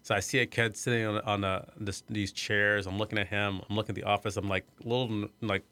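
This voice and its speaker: A middle-aged man from Iowa telling a personal story in an interview, soft-spoken and hesitant, with many fillers and restarts. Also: lowish voice, steady tone, brisk, few pauses, no room sound. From Iowa, USA. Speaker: arts center executive director.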